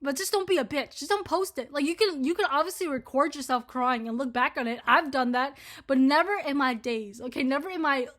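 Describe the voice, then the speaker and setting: A woman's voice: high-pitched, fairly quick, few pauses, a bit bright. A woman in her twenties ranting casually to her viewers, swearing a lot and rambling with constant filler words. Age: 20s. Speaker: vlogger. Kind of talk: casual ranting commentary to camera.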